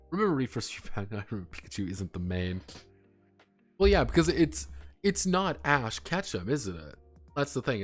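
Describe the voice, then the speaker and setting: Male streamer, casual chat, lively swooping delivery, very profane, quick to laugh, faint music under. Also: on the low side. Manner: excitable and profane, swearing and laughing often.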